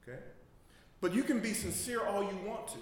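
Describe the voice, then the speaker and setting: Preaching in a church with heavy echo, a pastor speaks fairly quickly in a high, expressive voice. He laughs and cracks jokes while the congregation responds, filling in the words he leaves out.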